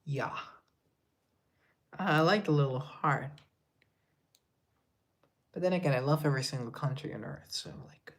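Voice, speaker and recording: A man's voice: fairly high pitch, unhurried, pauses often. A man on a casual live stream, reading chat aloud and answering, now and then dropping into whispered asides.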